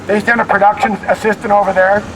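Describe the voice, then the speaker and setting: A man's voice: sits high, little pitch movement, fast, a bit bright, recorded from a distance, a little hiss or hum, poor audio. A middle-aged man leading a walking tour outdoors, telling anecdotes in a rambling way with many fillers and restarts. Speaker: tour guide. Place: outdoors on a town street.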